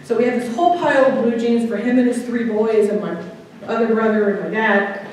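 Woman guest speaker, fairly high voice, anecdotal style, distant mic in a very echoey hall. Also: a little fast, a little mellow, a little hiss or hum. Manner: chatty, storytelling, checks in with the audience. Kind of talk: anecdotal talk to a club audience. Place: meeting room.

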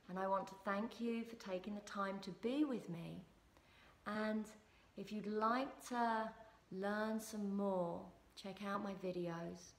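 A woman, a relationship coach and yoga teacher, guiding listeners through a movement and breath practice. Her calm instructions build into loud rhythmic chanting. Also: mid-range voice, gravelly, echoey room.

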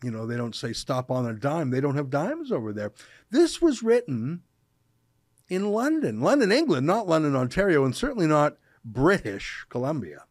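A man's voice: fairly high pitch, sing-song, dry recording. Canadian guy hosting an opinion show, sarcastic and punchy, voice swings all over, dry close mic. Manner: sarcastic, emphatic, slows down to stress words. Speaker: show host. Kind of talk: opinion commentary.

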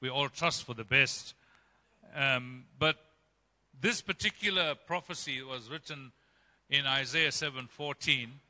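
A male pastor preaching a sermon emphatically, swinging between loud, raised passages and quiet, low ones. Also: measured pace. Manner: emphatic preaching with dramatic swings in pitch and loudness. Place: church. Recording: long church-hall reverb.

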